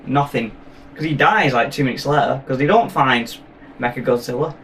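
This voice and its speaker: A man's voice: medium pitch, normal speed, a bit bright, far from the mic, a little hiss or hum. A man hosting a casual film review, rambling and joking with playful asides.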